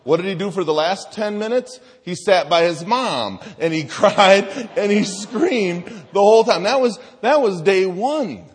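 A man in his thirties preaching, telling a family story in a lively way and acting out the voices of the people in it. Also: high-pitched, measured pace, hardly any pauses, slightly rough. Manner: animated storytelling, acts out voices. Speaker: pastor. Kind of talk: sermon with personal story. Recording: reverberant hall.

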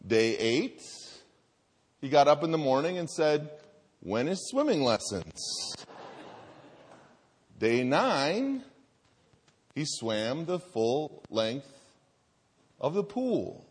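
A man in his thirties preaching, telling a family story in a lively way and acting out the voices of the people in it. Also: fairly high pitch, slow pace, pauses often, breathy edge. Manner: animated storytelling, acts out voices. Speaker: pastor. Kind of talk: sermon with personal story. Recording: reverberant hall.

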